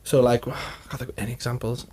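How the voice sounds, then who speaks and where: A young man chats on a casual podcast, his voice a little husky. He tells rambling family stories and laughs often at them. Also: mid-range voice, flat delivery, quick pace, dark tone. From Wales. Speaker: podcast co-host. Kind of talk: casual chat.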